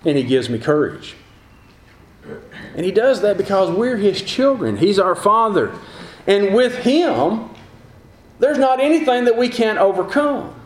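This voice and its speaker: High-voiced man preaching a sermon. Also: big pitch swings, unhurried, pauses often, echoey room, slight background noise. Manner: earnest, repetitive rhetorical build-ups.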